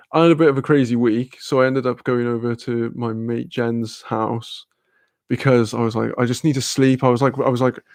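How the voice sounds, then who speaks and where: Young man, casual sweary storyteller, gravelly, dry close sound. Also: medium pitch, a little mellow, no room sound. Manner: rambling, sweary, laughing, fillers. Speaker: streamer.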